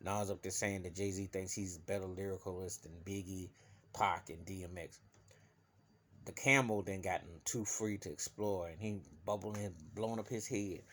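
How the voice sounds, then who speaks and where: Animated man ranting to camera. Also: deep voice, moderate pace. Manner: animated, emphatic, swings from loud to muttering. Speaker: vlogger. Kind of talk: opinion rant to camera.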